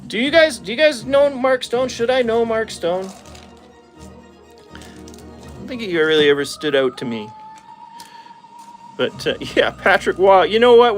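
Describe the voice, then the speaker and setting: A man's voice: high voice, a bit bright. A man from Calgary with an Alberta accent, chatting casually to viewers while opening trading card packs, laughing often. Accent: Albertan Canadian English. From Calgary, Canada. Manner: laid-back, chuckles often, talks to chat viewers. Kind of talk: casual pack-opening chat.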